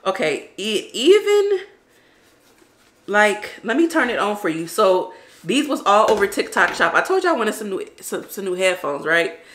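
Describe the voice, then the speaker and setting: A woman's voice: medium pitch, big pitch swings, normal speed, fairly bright tone. A young woman vlogging to camera, emotional at first and then chatty and upbeat with her viewers. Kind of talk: emotional casual vlog talk to camera. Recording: echoey room.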